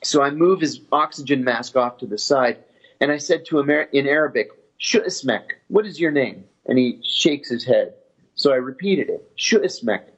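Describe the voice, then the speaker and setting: A man telling his story in an interview in a steady, matter-of-fact way. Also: medium pitch, normal speed. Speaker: former intelligence officer telling his story. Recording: dull lo-fi audio.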